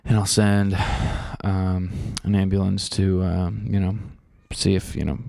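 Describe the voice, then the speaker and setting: A man imitating a bored, apathetic male 911 operator who talks flatly and stalls with ums. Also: medium pitch, smooth, dry recording, clean studio sound, natural voice. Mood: indifferent. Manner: flat, unbothered, halting with ums.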